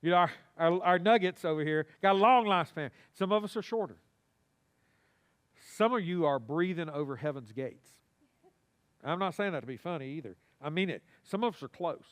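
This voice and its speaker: A man preaching a sermon, animated and folksy, calling on the congregation to answer him. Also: fairly high pitch, a little fast. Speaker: pastor. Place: church sanctuary.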